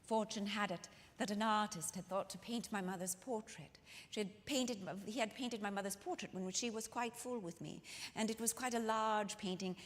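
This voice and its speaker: A woman's voice: medium pitch, normal speed, few pauses. Theatrical woman storyteller in a reverberant hall. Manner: dramatic, intimate, addresses the audience directly. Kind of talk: first-person theatrical storytelling in character. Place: church hall at a live community concert. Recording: long hall reverb from a live room.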